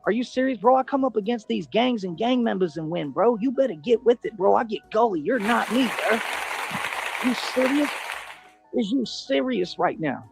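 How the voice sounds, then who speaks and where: A man's voice: high-pitched, lively intonation, normal speed, vocal fry, music in the background, a crowd in the background. A man in a played video ranting defiantly and boastfully in street slang. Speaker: self-styled independent detective in a played video.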